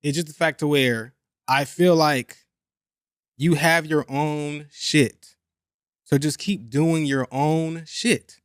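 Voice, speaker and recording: A young man hosting a podcast, talking in a casual, animated and profane way, repeating points for emphasis. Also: on the high side, slow, long pauses, clean tone, dry recording, clean studio sound. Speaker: podcast host. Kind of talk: casual chat.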